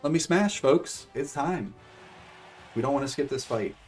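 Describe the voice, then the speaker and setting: Excitable man doing rambling play-by-play. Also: mid-range voice, measured pace, distant mic, faint music behind. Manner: excitable, rambling with many fillers, calls viewers folks. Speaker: streamer commentating AI fight bracket. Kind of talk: casual play-by-play commentary.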